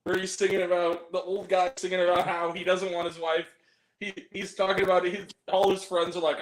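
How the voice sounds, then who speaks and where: A man in a casual live chat, animated and laughing often as he retells comedy skits. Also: high voice, a little fast, echoey room.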